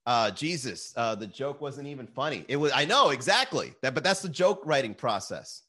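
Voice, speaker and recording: A man's voice: mid-range voice, moderate pace. A man hosting his own daily livestream as a comedian, swearing often and reading viewer comments aloud. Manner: animated, swears often, reads chat aloud. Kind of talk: profane casual livestream chat.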